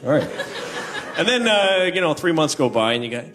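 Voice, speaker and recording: A man's voice: fairly high pitch, very animated, brisk. A man doing an observational stand-up routine with a wry, rambling delivery and silly impressions. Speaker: stand-up comedian. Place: comedy club before a live audience. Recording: crowd laughter and ambient noise.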